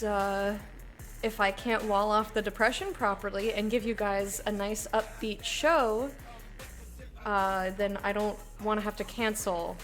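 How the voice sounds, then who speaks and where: A woman streamer chatting casually with her viewers, bubbly in her greetings and candid and low-key when she talks about herself. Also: fairly bright tone.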